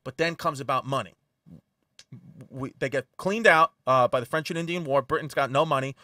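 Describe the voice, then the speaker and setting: A man with a New York accent co-hosting a comedy podcast, telling history in a crude, animated way. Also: mid-range voice, fairly quick, no room sound, studio quality, distant mic. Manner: profane, animated storytelling.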